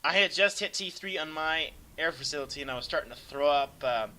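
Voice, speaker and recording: A young man casually commenting over a replay of a strategy game, rambling and self-deprecating, sometimes breaking into excited yelps. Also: fairly high pitch, fairly quick, a little hiss or hum, low-quality recording. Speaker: gameplay commentator.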